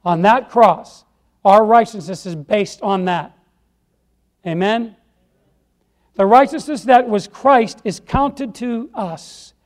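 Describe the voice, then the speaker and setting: High-voiced man preaching folksy sermon. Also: slow pace, long pauses. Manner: folksy, emphatic, repeats phrases, asks "Amen?". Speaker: lay preacher. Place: church.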